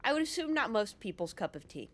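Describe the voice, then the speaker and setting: A woman from California casually telling an anecdote over gameplay, animated and sometimes swearing. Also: a little high, quick pace. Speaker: gaming YouTuber.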